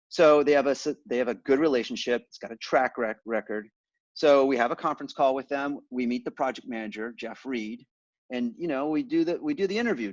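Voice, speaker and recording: A man being interviewed, telling stories in a relaxed way and acting out the exchanges he quotes. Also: medium pitch, a little fast, no room sound, dull audio. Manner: animated, acts out quoted exchanges. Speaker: multifamily investor guest. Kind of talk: conversational interview storytelling.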